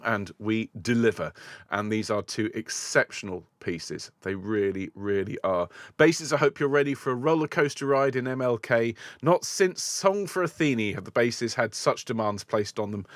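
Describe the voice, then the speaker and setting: A man's voice: mid-range voice, expressive, moderate pace, no room sound, studio quality. A man, a choir's musical director, chatting playfully and enthusiastically to viewers of a live online rehearsal.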